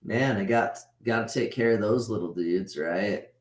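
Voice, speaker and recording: A man's voice: lowish voice, a little slow. A man in his thirties teaching a casual online class over a video call, talking conversationally and tagging his points with "right?". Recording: roomy echo.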